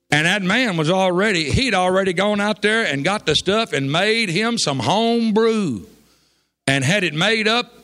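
A man preaching, telling a folksy story that builds to shouts of praise. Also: high voice. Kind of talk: sermon storytelling. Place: church.

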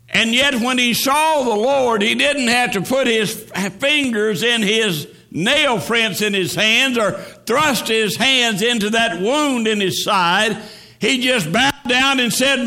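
A man preaching a sermon, slow and emphatic, with measured pauses. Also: extremely high pitch, gravelly, pushed and bright.

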